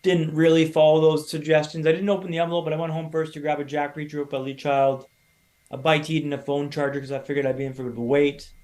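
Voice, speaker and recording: A man in his thirties from Canada, a podcast guest telling his own story in a lively, casual way and acting out other people's lines. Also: a little high, fast. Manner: animated storyteller, acts out quoted voices.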